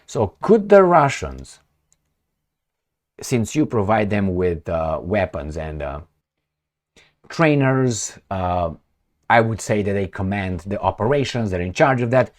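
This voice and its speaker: A man with a low voice that rises and falls widely as he talks. He delivers a casual commentary monologue in an animated way, firing off rhetorical questions and sarcastic asides. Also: a little slow. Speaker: political commentator.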